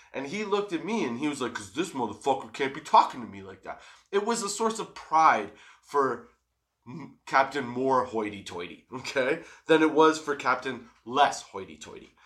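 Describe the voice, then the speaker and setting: A young man casually telling a profane story, laughing often. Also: medium pitch. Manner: profane, laughing, animated retelling.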